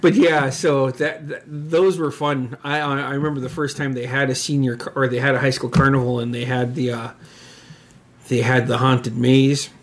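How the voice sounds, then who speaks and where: A man's voice: mid-range voice, little pitch movement, normal speed. A middle-aged man co-hosting a casual chat, telling stories with lots of laughter and cursing. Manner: swearing, laughing storyteller, acts out quotes. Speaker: podcast co-host.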